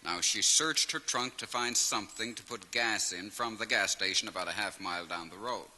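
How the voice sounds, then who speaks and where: A man's voice: fairly low pitch, normal speed. A man telling comic stories as a live stand-up act. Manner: animated storyteller who laughs at his own punchlines. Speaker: comedian telling jokes. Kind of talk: stand-up joke telling on record. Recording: vinyl transfer with long hall reverb and faint hiss.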